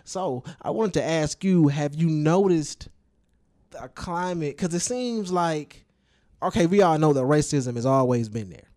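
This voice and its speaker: A man co-hosting a chatty podcast, his voice sitting a little high. He talks loose and profane, with emphatic turns and frequent check-ins with his co-host. The sound is dry and close, with no room around it. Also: expressive, unhurried, darkish tone, dry recording. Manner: loose, profane, emphatic, keeps asking "you know what I'm saying?". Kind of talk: casual chat.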